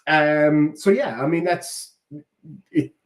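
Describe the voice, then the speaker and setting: A man's voice: on the high side, takes it slowly. A man in his thirties, a YouTuber sarcastically rebutting a critic in a casual rant. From Ireland. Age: 30s.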